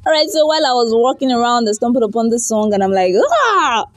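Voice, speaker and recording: A woman's voice: a little high, expressive, quick pace, dry recording. A young woman hosting a radio breakfast show, bubbly and chatty, repeating words for emphasis. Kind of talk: energetic radio talk.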